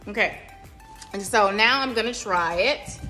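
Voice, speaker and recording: A woman's voice: mid-range voice, a little slow, bright, forceful tone, soft background music. A woman hosting a cooking vlog in her home kitchen, chatting directly to her viewers as she cooks. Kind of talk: casual cooking demo talk.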